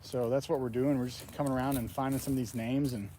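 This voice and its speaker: A man hosting a paranormal vlog, talking softly and reverently as he walks outdoors. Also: medium pitch, flat delivery, quick pace. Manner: soft-spoken, reverent, reads names aloud. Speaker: paranormal investigator host. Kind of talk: casual walking vlog narration. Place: outdoor cemetery. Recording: faint outdoor noise.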